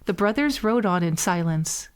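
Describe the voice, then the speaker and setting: A woman's voice: medium pitch, animated, moderate pace, smooth. Woman reading a bedtime story.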